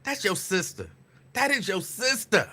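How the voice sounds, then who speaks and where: A man hosting a casual live talk show, greeting listeners by name and teasing them playfully with loud, emphatic bursts. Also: a little high, expressive, unhurried. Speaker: radio host. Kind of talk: casual live-show chat reading listener shout-outs.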